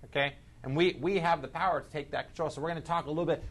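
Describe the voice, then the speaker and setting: A man leading a live sales training seminar, energetic, quizzing the audience and shifting his speed and loudness for emphasis. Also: a little high, rapid-fire.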